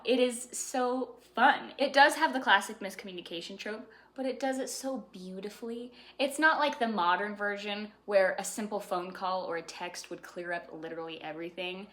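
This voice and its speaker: Young woman vlogging a book review, chatty and sassy, bright tone. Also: mid-range voice. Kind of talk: casual book review vlog.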